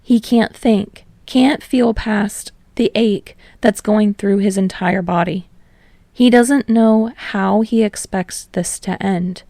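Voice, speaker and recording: A woman narrating fan fiction aloud, steady and slowing on emotional passages. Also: mid-range voice, no room sound. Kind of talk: audiobook narration.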